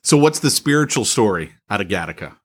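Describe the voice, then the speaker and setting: A man co-hosts a podcast over a remote call, chatting casually, telling stories and laughing often. His voice sits on the low side with big pitch swings, and he talks a little fast.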